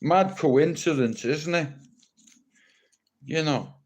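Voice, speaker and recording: An Irish livestreamer talks slowly in a fairly high-pitched voice. He rambles, blunt and teasing, and swears a lot.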